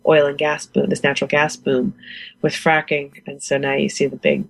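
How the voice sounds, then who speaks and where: A woman's voice: low-pitched, level tone, moderate pace, vocal fry, low-quality recording. A woman in her forties from the United States, a guest beekeeper chatting in an interview, enthusiastic and laughing often. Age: 40s. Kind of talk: casual interview chat.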